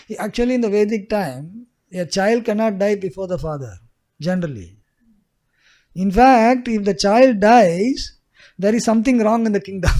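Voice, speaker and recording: A man's voice: sits high, darkish tone. Chuckling male teacher. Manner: chuckling, repeats key phrases. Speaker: spiritual teacher. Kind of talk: scripture storytelling class.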